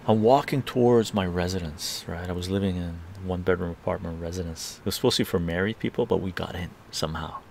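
A man's voice: low voice, fast talker, gravelly, few pauses, darkish tone, a little hiss or hum. A middle-aged man from Canada casually telling a rambling story on a live stream, tagging his sentences with "right?".

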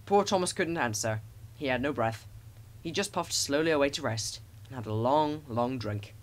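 Animated male storybook narrator. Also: medium pitch, normal speed. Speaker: audiobook narrator.

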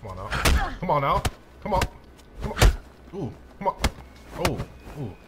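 A man's voice: fairly high pitch, sing-song, measured pace, heavy background noise. A young man giving hyped let's-play commentary, trash-talking and whooping as he plays. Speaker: gameplay commentator.

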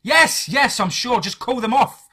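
A man's voice: fairly high pitch, very animated, fairly quick, sharp tone, breathy edge, voice pushed up, full character voice. A man voicing an angry, defiant young man, cornered in a horror story. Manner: defiant, heated.

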